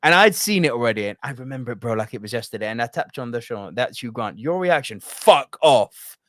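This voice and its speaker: Animated, swearing young podcast host. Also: male voice, mid-range voice, rapid-fire, dry recording, clean studio sound. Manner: animated, profane and emphatic. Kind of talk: casual podcast chat.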